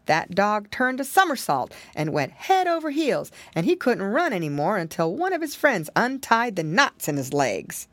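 A woman narrating a children's storybook with gentle, expressive storytelling. Her voice moves lively up and down, at a middle pitch, and sounds close and dry with no room around it. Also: no echo. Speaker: audiobook reader.

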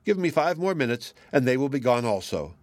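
A man's voice: sing-song, fairly quick, no room sound. A man doing a sly trickster fox. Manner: pleading then wailing in a high singsong. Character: sly hungry male fox, a cunning trickster.

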